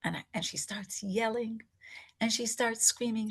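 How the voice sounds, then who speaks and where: An older woman, telling a personal story in a lively way and acting out what people said. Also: a little high, a little slow, breathy edge. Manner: animated storyteller, acts out quotes. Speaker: rebbetzin and mikveh attendant.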